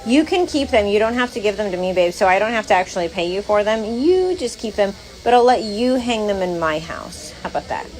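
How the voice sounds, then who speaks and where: A woman's voice: mid-range voice, lively intonation, fairly quick, hardly any pauses, a little mellow, rough recording. A woman co-hosting a casual livestream from a tattoo studio, reading viewer comments aloud and talking bluntly with some swearing. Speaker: livestream co-host.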